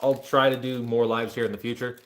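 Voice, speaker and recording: A man's voice: medium pitch, flat delivery, a little fast, a bit bright. A man in his thirties chatting casually on a livestream, joking, self-deprecating and easily distracted. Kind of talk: casual rambling livestream chat.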